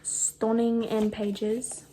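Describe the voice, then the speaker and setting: A woman's voice: a little high, completely flat delivery, very slow, dark tone. A young woman, chatting casually to camera about books, bubbly and full of fillers. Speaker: book vlogger. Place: home room with a fan running. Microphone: camera propped on the floor. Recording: noisy room with fan hum.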